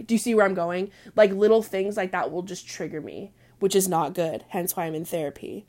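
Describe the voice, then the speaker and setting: A woman's voice: lowish voice, fairly quick, few pauses. Blunt, foul-mouthed young woman venting. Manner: blunt, crude, heavy on "like" fillers; drops to hushed asides now and then. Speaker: vlogger. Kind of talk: casual profane venting monologue.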